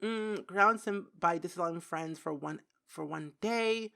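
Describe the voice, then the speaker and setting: A woman's voice: on the low side, unhurried, vocal fry. Giggly young woman gaming creator. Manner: giggly, excitable, says "like" a lot. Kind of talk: casual gameplay commentary.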